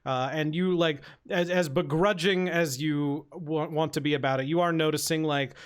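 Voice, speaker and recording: A man running a tabletop game as dungeon master, describing scenes in a loose, chatty way. His voice sits a little high for a man, and he fills pauses with plenty of ums and uhs. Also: steady tone, clean tone. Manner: chatty, filler-heavy, laughing easily.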